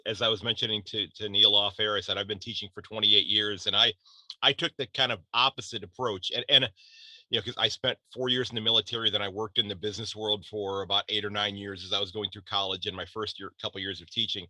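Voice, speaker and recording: A man's voice: lowish voice, level tone, quick pace, bright, forceful tone, dry recording. An American man in his fifties hosting a casual podcast chat, talking loosely with frequent restarts. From United States. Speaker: podcast host.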